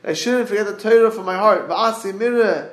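A man giving a Torah class over a group call, earnest and halting, quoting Hebrew verses and translating them. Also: high-pitched, roomy sound. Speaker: Torah teacher. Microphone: group call line.

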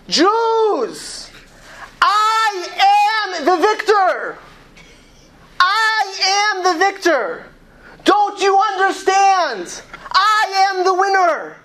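Woman doing a defiant old prisoner guy, shrill shouted cries, slow and stretched, sounds far off. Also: sing-song, full character voice. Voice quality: high strained shouting. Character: defiant older Jewish man prisoner shouting.

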